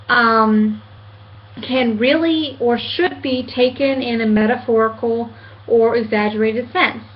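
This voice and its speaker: A woman in her late twenties rants to camera from home about being misunderstood, earnest and halting, with many fillers and restarts. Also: fairly high pitch, highs cut off. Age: 20s. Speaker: vlogger. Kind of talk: casual rant to camera.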